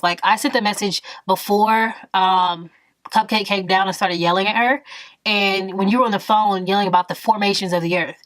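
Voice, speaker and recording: A woman in her twenties telling a story in a vlog, animated and emphatic, full of exasperation. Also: medium pitch, moderate pace, no room sound. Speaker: vlogger.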